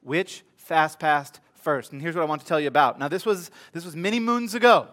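A man's voice: on the high side, a little fast, fairly bright tone. A middle-aged man preaching a sermon, telling a funny story with comic asides to his congregation before reading scripture. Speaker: pastor.

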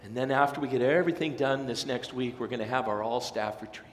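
Speaking fast at a medium pitch, this fired-up pastor acts out his congregation's voices with animation. The sermon rings through a large, echoey sanctuary with long reverb, and a faint hiss or hum sits under it.

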